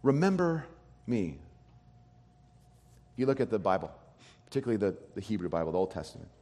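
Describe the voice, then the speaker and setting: A man preaching a sermon as pastor, animated, acting out quoted voices. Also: fairly low pitch, brisk, big-room sound.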